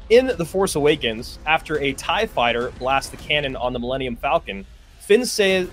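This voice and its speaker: A man co-hosting a trivia game, reading out questions and teasing the host in a dry way. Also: on the high side.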